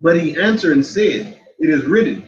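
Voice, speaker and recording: A man reading scripture aloud slowly and carefully in an old-fashioned wording. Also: a little high, lively intonation. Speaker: scripture reader. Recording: dull, roomy sound.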